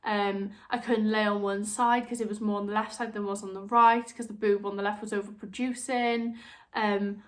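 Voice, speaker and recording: A woman's voice: mid-range voice, little pitch movement, moderate pace. A young woman talking frankly to camera as a vlogger, chatty and open, slipping into other voices when she quotes people. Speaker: vlogger, new mother. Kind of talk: candid personal chat to camera.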